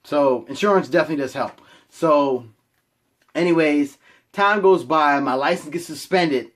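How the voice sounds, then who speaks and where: A young man with a fairly high-pitched voice tells a story from his own life straight to camera. He rambles, swears freely and pokes fun at himself in quick asides. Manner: rambling, profane, self-mocking asides. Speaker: vlogger.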